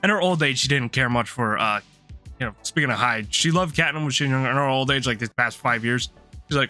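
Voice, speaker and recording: A man's voice: medium pitch, quick pace, sharp tone, soft background music. A man streaming live, telling a long rambling story in casual chat, laughing often and restarting his sentences.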